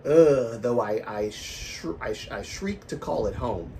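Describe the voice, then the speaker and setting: A livestream host from the American South and Baltimore chats casually, rambling, correcting himself, and laughing at his own remarks, with a lingering cough. His medium-pitched voice is expressive, unhurried, and a little mellow, picked up far from the mic with slight background noise.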